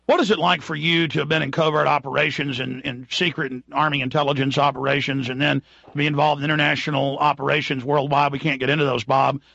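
Bright-voiced man ranting on talk radio. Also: on the high side, flat delivery, quick pace, creaky, dry recording, lo-fi sound. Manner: emphatic, indignant ranting. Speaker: radio host.

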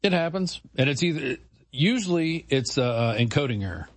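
A man's voice: a little high, lively intonation, normal speed, no echo. A man co-hosting a talk show, chiming in with easygoing explanations. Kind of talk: casual studio chat.

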